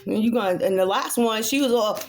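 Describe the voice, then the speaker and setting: A woman's voice: fairly high pitch, fairly quick, slight background noise. Blunt, foul-mouthed woman reading tarot. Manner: blunt, profane and confrontational; talks straight to an unseen rival. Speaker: tarot reader. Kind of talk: casual tarot reading rant.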